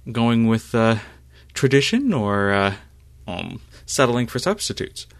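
A man's voice: lowish voice, measured pace, creaky, fairly bright tone, dry recording. A man voicing a haughty young female Jedi initiate who boasts and needles. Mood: smug. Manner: snide, boastful.

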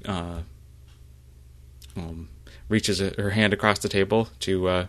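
A man narrating a tabletop role-playing game as game master, halting, with frequent fillers. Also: sits low, fairly even intonation, fairly bright tone.

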